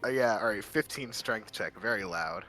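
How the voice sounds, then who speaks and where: A man playing a tabletop game, calmly declaring his character's actions. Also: fairly low pitch, moderate pace, soft background music. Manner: matter-of-fact, declaring actions. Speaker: player. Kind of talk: casual tabletop play.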